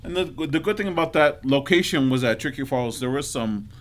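A man's voice: mid-range voice, lively intonation, fairly quick. A man as guest co-host on a casual podcast, a rambling storyteller who acts out his own reactions. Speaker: guest co-host, former bouncer.

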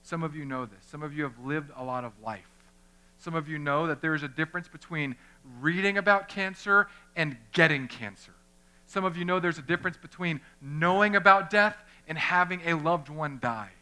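A man, a pastor, preaching a lively sermon, talking straight to his congregation and acting out little scenes. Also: fairly high pitch, moderate pace, clean tone. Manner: conversational, addresses the congregation directly; animated, acts out little scenes.

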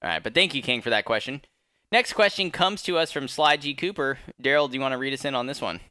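A man's voice: mid-range voice, fast, sharp tone, clear, resonant tone, dry recording, studio quality. A young man hosting a casual podcast chat, laid-back and rambling with fillers and laughs. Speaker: podcast host.

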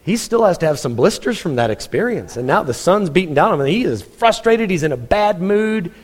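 A man's voice: high-pitched, big pitch swings, fairly quick, in a large hall. A man preaching a sermon, telling a story with humor and acting out the people he quotes, often chuckling.

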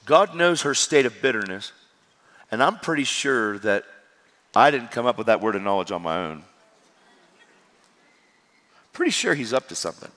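A man's voice: medium pitch, a little fast. Preacher man in an echoing hall. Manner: animated storytelling, acting out dialogue. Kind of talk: sermon. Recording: hall reverb with crowd.

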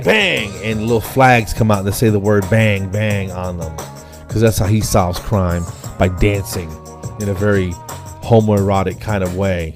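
A man in his fifties with a very low voice rambles through a loose comedy monologue as the show's host. He keeps chuckling at his own jokes while faint music plays softly underneath.

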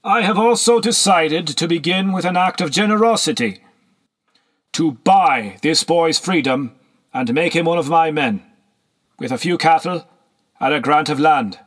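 A man's voice: a little high, animated, a little slow, voice pushed up. A man voicing a triumphant, powerful male chieftain who speaks in grand, proclaiming tones.

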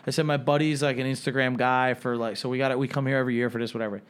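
A man telling a story in casual podcast chat, rambling and halting with many restarts. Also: medium pitch, steady tone, smooth.

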